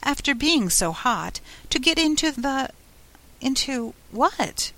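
A curious young girl, put on by a woman reader, rambles and muses aloud in a lively, bouncing voice. Her pitch sits a little higher than the narration and swings eagerly. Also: slow, full character voice. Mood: musing. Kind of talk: storybook audiobook reading.

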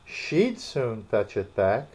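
A woman's voice: very deep voice, sing-song, takes it slowly, a little mellow, slightly rough, exaggerated voice. A man voicing Alice, a polite, curious young girl, eager and pleading in a storybook reading. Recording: dull lo-fi recording.

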